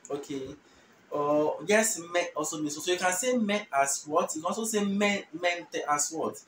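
A Ghanaian man teaching a language lesson, repeating each phrase slowly and translating it patiently. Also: sits high, a bit bright. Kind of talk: relaxed spoken language lesson. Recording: roomy, distant mic with faint noise.

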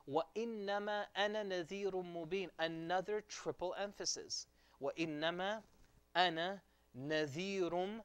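A man teaching a Quran commentary lecture in an earnest, conversational way, with quick Arabic recitation of verses. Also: fairly high pitch, no echo.

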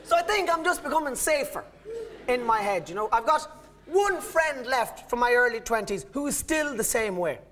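A man's voice: very high-pitched, expressive, normal speed, bright, forceful tone. A man in his thirties with an Irish accent, performing live stand-up on stage, telling stories in a rambling, self-interrupting way. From Ireland. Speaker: stand-up comedian. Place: stage in a live comedy venue.

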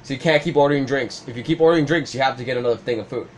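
A young man hosting a gaming video, chatting casually and swearing, with ranting, mock-shouted retellings. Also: mid-range voice, rapid-fire, slight background noise. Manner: animated, swearing, rants with mock-shouted quotes. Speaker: gaming channel host. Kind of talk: casual chat while playing.

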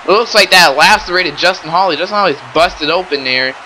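A young man doing excitable play-by-play wrestling commentary, often exclaiming and addressing the audience. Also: high-pitched, a little fast, a little hiss or hum, low-quality recording. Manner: excitable, keeps exclaiming and saying ladies and gentlemen.

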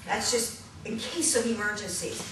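A woman's voice: medium pitch, normal speed. Upbeat woman teaching in an echoey hall. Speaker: puppetry instructor. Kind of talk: hands-on workshop teaching. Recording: echoey room from a distance, noisy.

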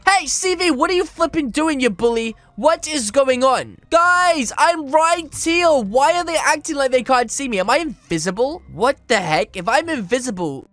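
A man hosting energetic gameplay commentary, excitable and reading chat aloud, with "flipping" in place of swear words. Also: very high voice, no room sound. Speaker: gaming channel host.

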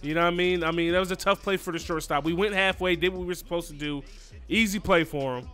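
A man with a high, bright, forceful voice narrates his video game like a sportscaster, hyping up his players as plays unfold. Soft music runs under his talk. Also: fast talker, clean tone. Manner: excitable, cheers on his players, says "you know what I mean". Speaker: gaming YouTuber. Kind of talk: live play-by-play gameplay commentary.

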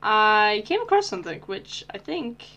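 A teenage girl giving casual, excitable commentary on her Minecraft gameplay, often squealing and shouting with delight. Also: medium pitch, normal speed, lo-fi sound. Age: teens. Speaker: Minecraft YouTuber.

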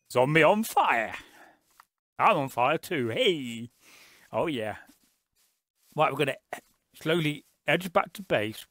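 A man's voice: fairly high pitch, fairly bright tone, no echo. A man giving chatty, joking running commentary as the host of a gaming channel. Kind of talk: casual gameplay commentary.

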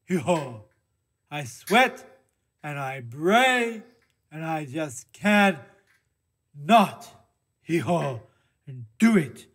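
A man's voice: fairly high pitch, sing-song, extremely slow, pauses often, exaggerated voice. Man doing a braying donkey puppet. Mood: glum. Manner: punctuates speech with hee-haw brays. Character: glum male donkey puppet, earnest, brays. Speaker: kids' time puppet character.

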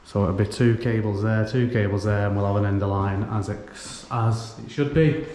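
With a lowish, darkish voice, steady tone, and normal speed, an electrician explains what he's doing in casual chat while working in a renovation. He thinks aloud as he goes. Echo fills the room, and faint noise sits in the background.

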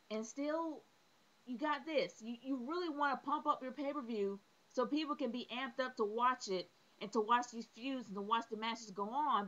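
A woman with a fairly high voice rants through a wrestling review, exasperated and opinionated. She fires off rhetorical questions and circles back to the same points. The recording is dull and lo-fi. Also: sharp tone.

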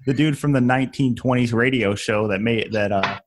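A man's voice: mid-range voice, brisk. A young man co-hosting a podcast in casual chat, joking around, swearing and laughing often. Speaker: podcast co-host.

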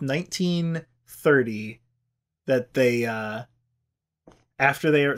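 A man's voice: mid-range voice, a bit bright. A man hosting a podcast, telling a history story in a loose, profane, chatty way. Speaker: podcast host. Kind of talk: casual storytelling.

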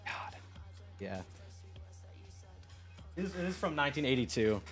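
A young man chatting on a live stream, rambling excitedly, swearing and talking to his chat. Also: mid-range voice, unhurried, over music.

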